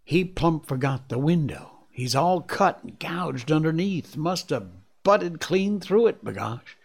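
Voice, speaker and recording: A man with a slow gravelly voice reading the lines of a blunt frontier dog musher who talks in rough backwoods dialect. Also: a little high, expressive, voice pushed up, heavily acted. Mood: gruff.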